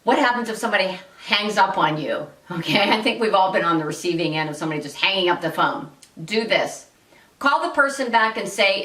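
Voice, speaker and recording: A woman's voice: mid-range voice, lively intonation, fairly quick, sharp tone, distant mic. A woman hosting an instructional talk, coaching listeners directly and giving them example phrases to say. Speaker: host and workplace-civility coach. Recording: echoey room, voice a bit off-mic.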